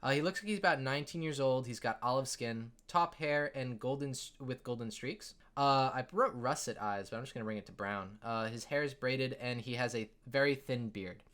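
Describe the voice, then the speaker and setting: A man's voice: medium pitch, brisk, hardly any pauses, a bit bright. A man narrating a tabletop game as game master, rambling with many fillers. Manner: rambling, full of fillers, laughing.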